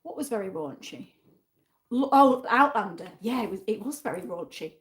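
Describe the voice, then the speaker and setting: A woman's voice: medium pitch, lively intonation, moderate pace. A woman with a North London accent hosting a casual livestream, chatting upbeat with her viewers and reading out their comments. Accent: North London English. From England. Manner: chatty and upbeat, reacting to chat, with asides and laughs. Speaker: livestream host.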